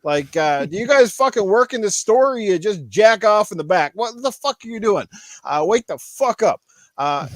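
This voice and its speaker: A man's voice: high-pitched, no room sound, clean studio sound. A man, hosting a casual podcast, ranting heatedly with lots of swearing. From Newfoundland, Canada. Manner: heated, swearing, mocks store clerks in put-on voices. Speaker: podcast host. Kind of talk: casual profane rant.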